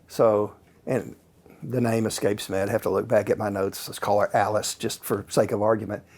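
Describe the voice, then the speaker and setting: A man, a guest author and paranormal researcher, telling stories in a calm, casual way with many fillers. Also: lowish voice, normal speed. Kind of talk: relaxed anecdotal storytelling.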